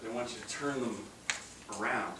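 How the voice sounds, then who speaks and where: Male seminar speaker, animated and joking, far from the mic in a very echoey room with noise. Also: medium pitch, a little fast. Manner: animated, joking, acts out voices with laughs. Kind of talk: live seminar talk. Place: large room with live audience.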